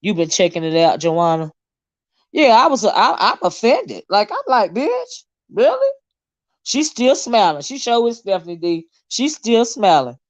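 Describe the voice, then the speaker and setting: A woman's voice: mid-range voice, moderate pace, no echo, lo-fi sound. A woman, hosting a casual livestream, reading viewer comments and ranting with lots of swearing. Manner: animated, indignant, swears freely, reads chat aloud. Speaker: livestream host.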